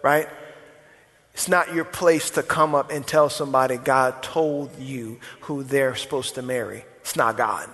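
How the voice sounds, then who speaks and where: A man's voice: medium pitch, fairly even intonation, unhurried, a bit bright. A male pastor preaching a sermon, emphatic, repeating key words and chatting asides to his congregation. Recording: long reverb of a large hall.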